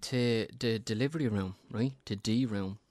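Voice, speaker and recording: A man's voice: on the low side, normal speed, darkish tone, dry recording. A young man co-hosting a podcast, telling a story in casual, rambling chat with many stop-start restarts. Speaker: podcast co-host.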